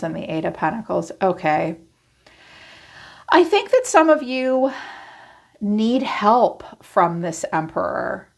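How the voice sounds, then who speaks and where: A woman giving a casual tarot reading, chatty and blunt, swearing freely and acting out what people think. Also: lowish voice. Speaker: tarot reader.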